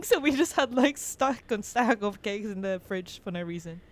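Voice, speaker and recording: A young woman with Filipino English that shifts between American and Australian sounds, co-hosting a podcast and telling stories excitedly with playful teasing. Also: a little high, a little fast, hardly any pauses. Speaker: podcast co-host. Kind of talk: casual chat.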